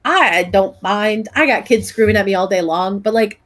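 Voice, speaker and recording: A young woman co-hosting a casual podcast, telling stories in an animated way, full of "like" and "um". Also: medium pitch, normal speed. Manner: animated storyteller, many "like" and "um" fillers. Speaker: podcast co-host. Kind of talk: casual chat.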